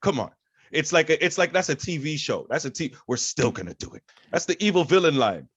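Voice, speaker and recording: A man's voice: fairly high pitch, expressive, a little fast, a bit bright, slightly rough, no room sound. A man co-hosting a podcast, making his point earnestly and repeating phrases for emphasis. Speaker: podcast co-host. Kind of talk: casual podcast chat.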